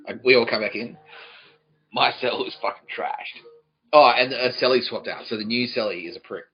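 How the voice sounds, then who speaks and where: A man's voice: fairly low pitch, moderate pace, long pauses, highs cut off, faint music behind. A man hosting a podcast, telling a rambling, profane comic story. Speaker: podcast host.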